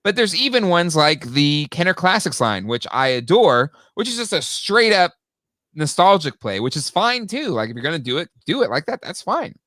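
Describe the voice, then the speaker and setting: A man in casual conversation as a podcast co-host, with a bright, forceful voice. His pitch swings widely as he talks, and the sound is dry, with no room around it. He reads out listener comments along the way. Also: moderate pace, no echo. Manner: animated, jumps high in pitch when exasperated. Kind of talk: casual chat.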